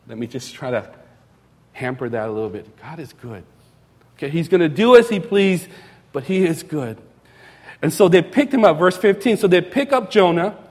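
A young adult man giving a sermon as a pastor, conversational and animated, with casual asides and repeated phrases. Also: fairly high pitch. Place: church sanctuary. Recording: reverberant church hall.

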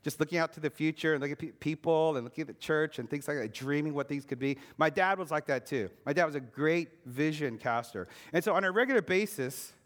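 Earnest higher-voiced male preacher. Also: fairly bright tone. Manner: earnest, emphatic, slows and drops low on key words. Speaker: pastor. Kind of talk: sermon with personal testimony.

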